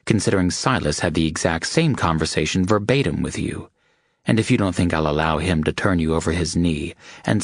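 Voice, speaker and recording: A man's voice: low-pitched, no room sound, studio quality. A man voicing a blunt, commanding, protective man who speaks firmly and seriously, with profanity, in an audiobook. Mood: reprimanding.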